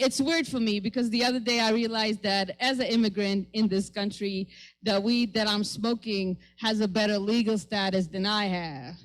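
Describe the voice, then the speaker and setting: A woman's voice: medium pitch, poor audio. Brash, profane stand-up comedian woman. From Middle East. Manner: brash, profane, quick punchlines. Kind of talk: stand-up routine.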